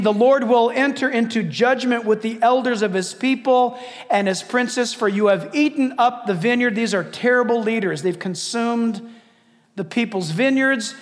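A man preaching a sermon as pastor, impassioned, swinging from loud declaiming to hushed asides. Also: sits high. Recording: long reverb of a large hall.

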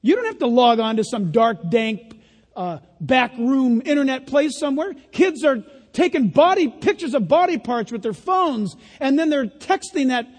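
Older male pastor, high animated voice. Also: moderate pace. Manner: animated preacher, acts out quoted voices, folksy humor. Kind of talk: sermon. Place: church. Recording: long reverb of a church hall.

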